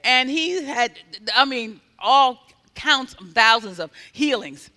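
A man preaching a sermon, telling stories in an animated way, acting out what people said and building to loud exhortation. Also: very high voice, slow. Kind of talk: sermon storytelling. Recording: long hall reverb.

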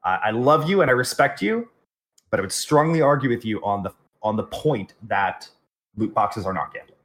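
A man's voice: medium pitch, animated, normal speed, fairly bright tone. Texas guy cohosting a podcast, jokey and mock-formal, casual chatter. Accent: Southeast Texas. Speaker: podcast co-host. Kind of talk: casual chat.

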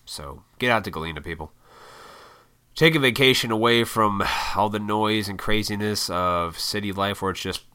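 A man's voice: on the low side, moderate pace, sharp tone, smooth. A man from Illinois hosting a casual solo podcast, talking in a laid-back, rambling way with lots of swearing. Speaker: podcast host.

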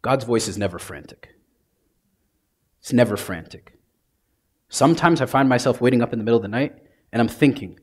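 A priest preaching a sermon with a husky, slightly breathy voice at an ordinary pitch. He talks conversationally and casually, then sinks into hushed, intimate lines for emphasis. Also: animated, a little fast, long pauses. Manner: conversational, dramatic, drops to soft hushes.

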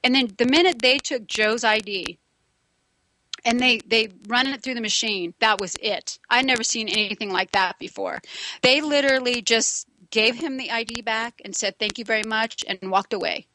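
A woman's voice: on the high side, normal speed, slight background noise, rough recording. A woman from Los Angeles telling a funny personal story in casual talk, laughing often and acting out what people said. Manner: animated, laughs often, acts out quotes. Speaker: storyteller guest.

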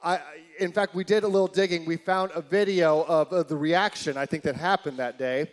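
A man preaching a sermon, retelling a story with incredulous asides and swinging from loud exclamations to hushed lines. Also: on the high side, fairly even intonation, brisk. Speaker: pastor.

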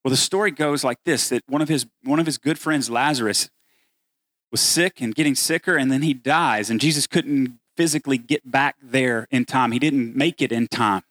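A man's voice: mid-range voice, normal speed, fairly bright tone, dry recording. A man preaching a sermon as pastor, earnest and building to emphatic peaks as he voices the words of scripture.

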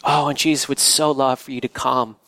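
A man's voice: medium pitch, level tone, fairly quick, fairly bright tone, no echo. A male pastor who grew up in the country, preaching in a church in a conversational way with restarts and asides. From rural area. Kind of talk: sermon.

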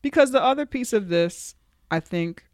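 In studio-quality audio with no room sound, a woman with a fairly high voice speaks at a moderate pace. Co-hosting a podcast, she casually recaps a TV episode, chatty and animated, swearing and using lots of fillers.

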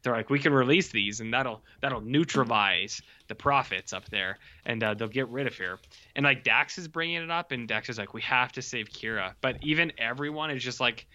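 A man's voice: medium pitch, moderate pace, pushed and bright. A man co-hosting a casual podcast, bluntly reviewing TV episodes, swearing freely and acting out his own reactions. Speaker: podcast co-host.

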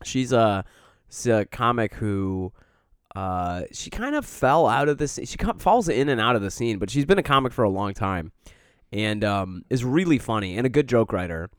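A man's voice: on the low side, very animated, normal speed, clean tone, dry recording, studio quality. A man hosting a casual comedy podcast, telling stories, laughing easily and acting out other people's lines.

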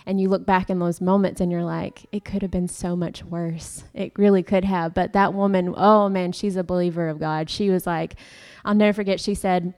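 A woman's voice: on the low side, steady tone, fairly quick, few pauses, darkish tone, clean tone. A young woman giving a heartfelt personal testimony in church, rambling a little with fillers and restarts.

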